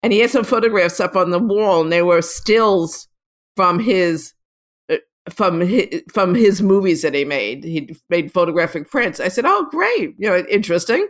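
A woman photographer in an interview, telling long rambling stories with many restarts and lively quotes of other people. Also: lowish voice, normal speed. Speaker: photographer guest. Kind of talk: casual storytelling interview.

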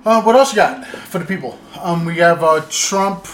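Guy cohosting a podcast, riffs and jokes around, soft music in the back. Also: high-pitched, moderate pace. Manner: joking, riffing, acts out quotes. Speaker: podcast co-host. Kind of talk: casual comedic chat.

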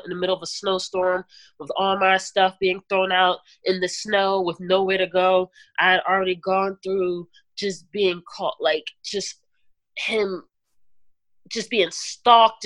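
A woman guest giving an earnest personal testimony in an interview, talking in halting runs with restarts and fillers. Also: medium pitch, a bit bright, no echo. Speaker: podcast guest.

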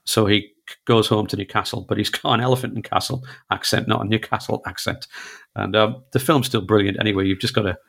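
A man talks through old films as a radio guest. His voice sits low, with a gravelly fry. He is relaxed and chatty, poking fun at himself. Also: quick pace. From northeast England. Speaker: film reviewer guest. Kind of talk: casual radio chat.

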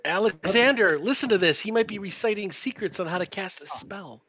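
Animated joking man at a game table. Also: high-pitched, brisk, breathy edge. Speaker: player. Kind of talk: casual tabletop game banter. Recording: dull lo-fi audio.

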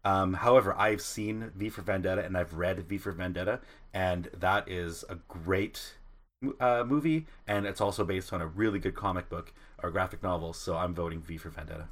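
Man, very low voice, offhand and unsure. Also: moderate pace, a bit bright. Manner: offhand and uncertain, with plenty of filler. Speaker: podcast panelist. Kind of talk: casual chat.

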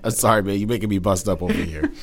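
A man's voice: sits low, husky. A man co-hosting and producing a podcast, playful and teasing in casual chat. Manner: playful, teasing, quick reactions.

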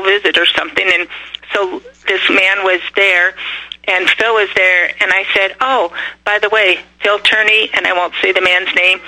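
A woman guest on a radio show telling a personal story in an animated way, acting out what people said. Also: medium pitch, low-quality recording.

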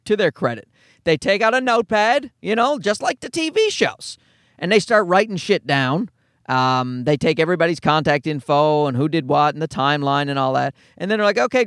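A young man doing storytelling stand-up comedy, profane and animated, acting out the people in his story. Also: high-pitched, no room sound, studio quality. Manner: animated, profane, acts out quoted voices.

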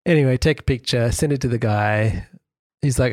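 A middle-aged man co-hosting a podcast, telling a story in animated, casual chat. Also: mid-range voice, normal speed, no room sound. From Australia. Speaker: podcast co-host.

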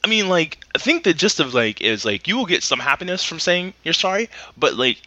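Rambling man telling stories, lively pitch. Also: brisk, no echo. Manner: rambling storyteller, many fillers and acted quotes. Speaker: podcast co-host. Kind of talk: casual podcast chat.

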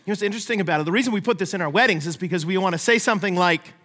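A high-voiced, middle-aged pastor races through a lively, conversational sermon, putting on playful voices for the people he quotes. The long reverb of a big church sanctuary rings around his words.

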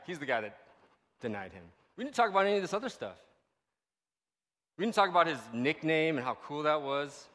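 A man's voice: fairly high pitch, a little fast, long pauses, in a large hall. A man giving a casual, conversational sermon as a pastor, often checking in with the audience. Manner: animated, conversational, asks the audience "right?" often.

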